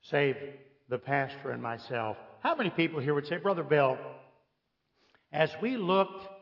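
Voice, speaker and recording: On a lo-fi recording, a slightly high-voiced American guest preacher keeps a measured pace. His sermon is animated storytelling, sprinkled with jokes and questions for the congregation.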